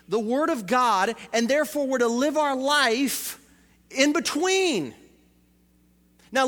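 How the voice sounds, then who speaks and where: High-voiced pastor preaching in a reverberant hall. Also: male voice, fairly bright tone. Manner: rhetorical questions, repeats phrases for emphasis. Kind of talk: sermon.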